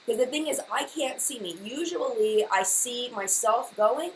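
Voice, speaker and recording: A young woman hosts a casual live-stream chat about makeup, talking in a flustered, chatty and apologetic rush. Her voice sits a little high. It is recorded at home in a room with a clear echo and a faint hiss behind it. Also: lively intonation, a little slow. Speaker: beauty YouTuber hosting a live chat.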